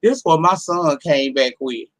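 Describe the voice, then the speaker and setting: A woman in her forties hosting a casual live stream from home, her voice hoarse from a cold, talking in a sassy, profane way straight to her viewers. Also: deep voice, unhurried. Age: 40s. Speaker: livestream host.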